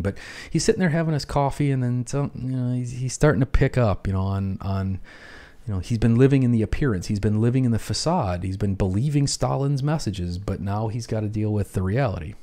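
A man's voice: medium pitch, warm tone. A man hosting an educational film commentary, explaining casually with lots of "you know" and "right?".

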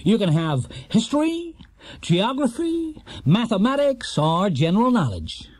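A man's voice: high voice, sing-song, unhurried, a little mellow, breathy edge, no echo, pitched above the performer's own voice, exaggerated voice. A man voicing a nervous, stammering male game show host who jokes clumsily. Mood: flustered. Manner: stammering with many "uh"s.

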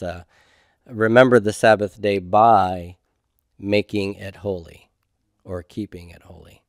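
A man's voice: lowish voice, no room sound, studio quality. A man teaching a homework review lecture, patiently asking questions and answering them himself. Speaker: Hebrew instructor.

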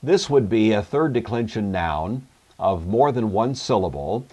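A man teaching a recorded Greek grammar lecture, measured and explanatory, with occasional fillers. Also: on the low side, animated, a little mellow.

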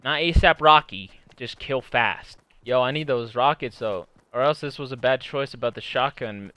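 Bright-voiced excitable young gamer man. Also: medium pitch, normal speed, smooth, no room sound. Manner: excitable, swears often, erupts into angry shouting. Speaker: gamer streamer. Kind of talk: casual gameplay commentary.

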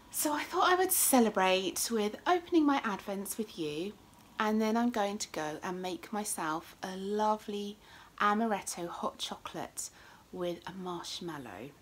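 A woman's voice: medium pitch, fairly bright tone, a little hiss or hum. Chatty English woman vlogging. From England. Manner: chatty, drops to whispers. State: out of breath. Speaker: podcast host. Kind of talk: casual walking vlog. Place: outdoors on a walk, then indoors. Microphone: phone held at arm's length.

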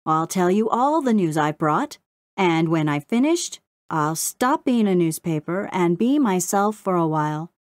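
A woman's voice: lowish voice, lively intonation, measured pace, dry recording, clean studio sound. A woman voicing a fussy male crow who reads out the news in a sing-song, clipped delivery. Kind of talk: audiobook character voice.

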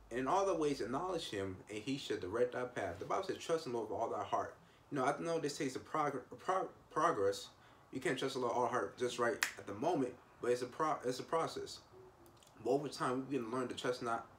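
A man preaching at a quick clip in a plain, mid-range voice. He talks informally and emphatically, repeats himself and restarts phrases. A faint hiss sits under the recording. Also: medium pitch. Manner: repetitive, restarts often, emphatic asides. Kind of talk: informal devotional sermon.

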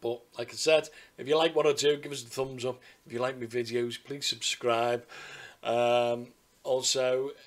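A man's voice: medium pitch, flat delivery, normal speed. A man telling a personal story to camera in a rambling, chatty way, full of asides and restarts. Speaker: vlogger.

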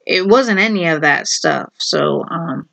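A woman's voice: on the low side, expressive, unhurried, gravelly, fairly bright tone. A woman casually retelling a half-remembered movie, rambling and hesitant, full of fillers and restarts. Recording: dull lo-fi home recording.

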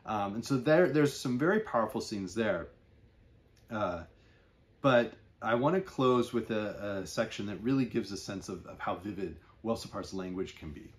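A man with a low voice talks about a novel he is reviewing. He speaks hesitantly, with many fillers, then reads long descriptive passages aloud at an even pace. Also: moderate pace. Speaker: book reviewer. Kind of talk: book discussion with read-aloud passages.

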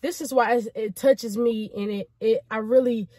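Young woman vlogger in a car, chatty and excited, higher voice, dry close sound. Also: normal speed, dry recording. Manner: chatty, repeats "y'all" often, excited and grateful. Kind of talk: casual chat to the camera.

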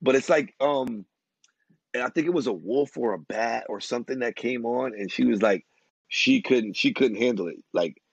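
A man's voice: mid-range voice, moderate pace, creaky, slightly rough, no echo. A man on a podcast as a guest, talking casually and rambling, restarting his sentences often. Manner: rambling, many restarts and fillers. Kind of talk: casual chat. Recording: dry, muffled lo-fi sound.

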